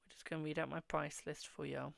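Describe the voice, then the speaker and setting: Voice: medium pitch, little pitch movement, fast talker, vocal fry, no room sound. A host reading tarot on a live stream, answering viewers' questions, calling them "my darling" and murmuring while drawing cards. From England.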